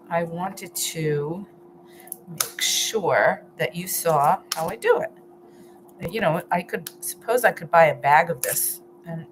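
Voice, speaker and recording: Her voice is deep, and the background is noisy. She's a healthy-eating coach running a casual live cooking stream at home, thinking out loud as she chops, restarting herself, and humming contentedly as she tastes.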